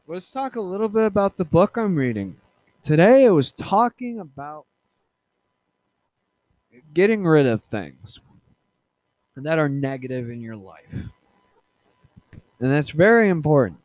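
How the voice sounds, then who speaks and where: A man hosting a casual solo podcast, rambling with many fillers, restarts and halting pauses. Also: fairly high pitch, sing-song, darkish tone, no echo. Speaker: podcast host.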